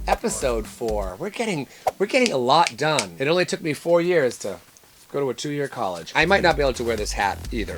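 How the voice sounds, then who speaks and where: A man's voice: mid-range voice, big pitch swings, moderate pace, background noise. A man hosting a comedy web show, answering viewer questions in a sarcastic, brash and crude monologue.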